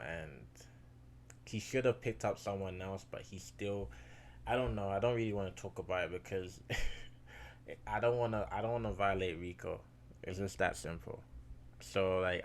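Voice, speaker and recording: A man's voice: low-pitched, a little hiss or hum. Slangy, chatty young-sounding man. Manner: chatty, slangy, addresses viewers as bro and guys; gets loud and excited recounting close wins. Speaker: fantasy basketball vlogger. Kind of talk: casual chat to viewers.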